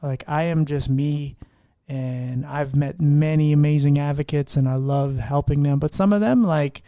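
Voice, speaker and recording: A man's voice: fairly high pitch, moderate pace, warm tone, dry recording. A young man in a casual podcast chat, talking bluntly, swearing freely and acting out what other people say. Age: young adult. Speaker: podcast guest.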